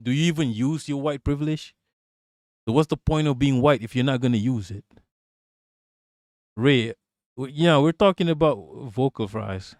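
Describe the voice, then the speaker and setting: A man's voice: mid-range voice, normal speed, long pauses, darkish tone, dry recording, studio quality. A man hosting a live stream, joking crudely and answering viewers by name in casual chat.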